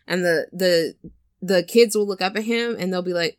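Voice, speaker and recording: A woman casually chatting and retelling a film scene, animated and storytelling. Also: mid-range voice, moderate pace, no room sound, clean studio sound. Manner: chatty, animated storyteller who acts out quotes. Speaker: podcast co-host. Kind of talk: casual chat recapping a film.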